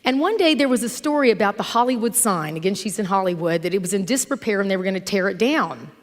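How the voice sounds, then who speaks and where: A middle-aged woman preaches in an easy, conversational voice at a middle pitch. She tells stories with animation. Her voice rings with the long reverb of a church sanctuary. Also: expressive, quick pace. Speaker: minister. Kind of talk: sermon with storytelling.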